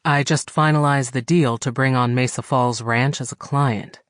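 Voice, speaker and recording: A man doing a brisk, impatient businessman. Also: mid-range voice, fairly even intonation, a bit bright, no echo, studio quality, lightly acted. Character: frustrated, businesslike man on horseback. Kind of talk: audiobook character voice.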